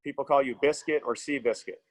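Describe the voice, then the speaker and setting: A man hosting a casual podcast interview, talking quickly at an ordinary middle pitch. He rambles and restarts his phrases, piling up fillers as he goes. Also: fairly even intonation, poor audio. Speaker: podcast host.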